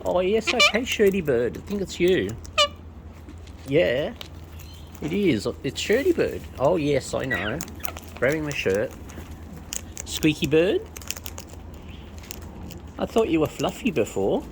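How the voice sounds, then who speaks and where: A woman's voice: low voice, sing-song, slow, pauses often. A woman, coaxing wild birds in sing-song baby talk as she feeds them outdoors. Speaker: bird feeder filming wild birds. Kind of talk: talking affectionately to birds while feeding. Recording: noisy outdoor recording.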